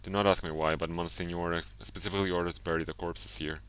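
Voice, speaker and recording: A man's voice: sits low, level tone, quick pace, a bit bright, clear, resonant tone. Guarded gravedigger Frank Baldwin, read by a man. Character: evasive gravedigger man, old alumnus.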